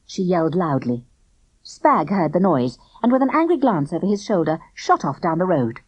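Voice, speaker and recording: A woman narrating a children's audiobook in an expressive storytelling manner. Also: lowish voice, normal speed, slightly rough, no room sound, muffled recording. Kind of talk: scripted children's book narration.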